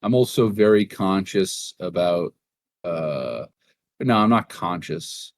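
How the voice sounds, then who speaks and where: Man, young adult, podcast co-host, rambling, profane, low voice. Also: slow pace, no room sound. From Massachusetts. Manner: rambling, profane, animated in retold dialogue. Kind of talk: casual gaming podcast chat.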